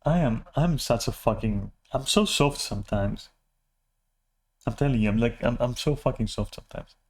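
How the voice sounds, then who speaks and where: A man's voice: medium pitch, expressive, normal speed. A man ranting casually to camera, rambling and self-deprecating, swearing freely and restarting his sentences often. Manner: frequent restarts and filler words. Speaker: vlogger.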